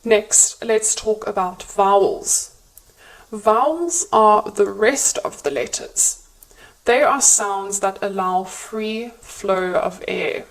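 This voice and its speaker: A woman reads a scripted lesson on English pronunciation, spelling out each point clearly and with care. She speaks slowly and deliberately, in a voice of middling pitch. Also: low-quality recording. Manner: clear, measured teaching delivery.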